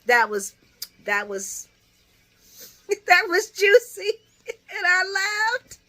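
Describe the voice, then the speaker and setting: A woman giving a casual, animated recap of a soap episode, laughing often and swearing freely. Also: extremely high pitch, slow, long pauses. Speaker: soap opera recap vlogger.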